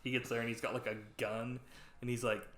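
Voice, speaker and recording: A man's voice: medium pitch, little pitch movement, fairly quick, a bit bright. A man hosting a podcast, casually recapping a movie in a rambling way with lots of "like" and swearing. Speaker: podcast host. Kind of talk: casual film recap chat. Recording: roomy echo.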